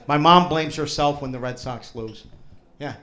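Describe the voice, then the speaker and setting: A man's voice: mid-range voice, moderate pace, fairly bright tone. A man doing a crude, teasing stand-up set with crowd work, with a hint of New in his speech. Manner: brash, crude, teasing the audience. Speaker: stand-up comedian. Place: comedy club stage before a laughing crowd.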